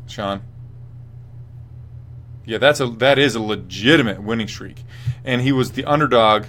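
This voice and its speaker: A man's voice: fairly low pitch, a bit bright, a little hiss or hum. Swearing young man hosting a fight show. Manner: profane, rambling, reads viewer chat. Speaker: host. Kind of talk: casual MMA post-fight commentary.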